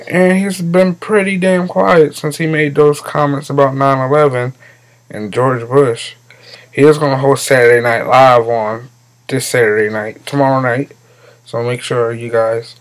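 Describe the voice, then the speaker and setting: A man's voice: medium pitch, low-quality recording. A man hosting a comedic commentary monologue, blunt and mocking, cursing freely as he rants. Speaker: host.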